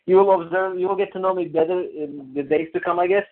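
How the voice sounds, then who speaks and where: A man's voice: high-pitched, fairly even intonation, fast. A male client on a coaching call, hesitant and repeating himself. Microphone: phone call. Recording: tinny phone line.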